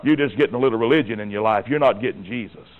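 A man preaching a sermon with passion, firing rhetorical questions and swinging between hushed tones and shouts. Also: lowish voice, rapid-fire. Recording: tinny, phone-like lo-fi recording.

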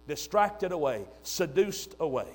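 An older man preaching a sermon, emphatic and swinging between loud and hushed delivery. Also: a little high, very animated, a little slow.

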